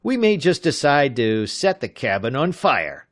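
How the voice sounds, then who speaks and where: A man voicing a big, rough gunman in an audiobook, snarling his threats. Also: mid-range voice, big pitch swings, measured pace, no room sound, studio quality, pitched above the performer's own voice. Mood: menacing. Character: big rough adult male gunman, menacing.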